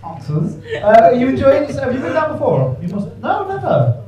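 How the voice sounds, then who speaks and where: A man's voice: extremely high pitch, wildly swooping pitch, moderate pace, distant mic, noisy background. Sweary man doing crowd work in a club. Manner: cheeky, sweary banter with audience. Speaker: stand-up comedian. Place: comedy club stage. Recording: echoey club, mic heard from afar.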